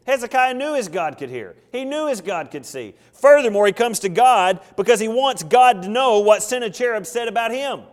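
A man's voice: extremely high pitch, expressive, normal speed, few pauses. A male pastor preaching an expository sermon in a conversational way, sometimes acting out the prayers he quotes. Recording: long reverb of a large hall.

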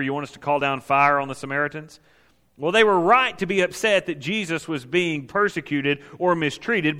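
With a fairly high pitch and a sharp tone, a man preaches about counseling, emphatic and repeating key phrases for weight. The recording has the long reverb of a large hall.

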